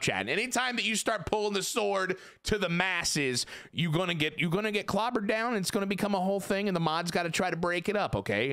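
A man's voice: high-pitched, a bit bright. A man streaming a game, chatting casually with his viewers, swearing and joking as he rambles. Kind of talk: casual live-stream chat.

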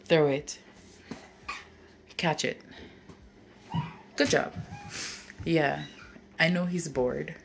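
This woman's voice is deep and gravelly, very slow, with frequent pauses and a little hiss or hum in the background. A lifestyle vlogger with a Jamaican accent, she chats storytelling-style to her phone's front camera, turning now and then to her toddler. Settings include her car, the cold outdoors, and her home.

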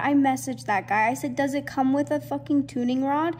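High-pitched excitable young woman vlogger. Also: normal speed, few pauses. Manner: excitable and self-mocking, laughs often. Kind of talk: casual vlog chat.

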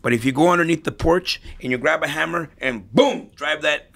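A middle-aged man speaks briskly in a fairly high, gravelly, slightly bright voice. On a podcast, he chats as a guest and relies on anecdotes, frequently repeating and restarting words along the way.

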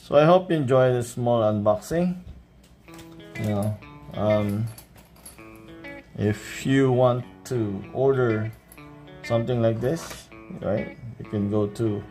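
Slow-talking Filipino man unboxing a knife. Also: medium pitch, faint music behind. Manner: relaxed show-and-tell, often adds a questioning "right?". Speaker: knife reviewer. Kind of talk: casual unboxing vlog.

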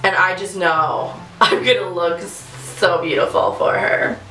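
A woman's voice: fairly low pitch, fairly even intonation, takes it slowly, sharp tone, roomy sound, poor audio. A young woman doing a casual makeup tutorial at home, chatting nervously and giggling, poking fun at herself. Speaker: beauty vlogger.

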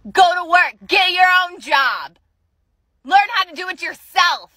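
Woman vlogger, furious profane rant; very high pitch, dry recording. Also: lively intonation, measured pace, no echo. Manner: furious, profane, shouting at times. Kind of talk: angry personal rant video.

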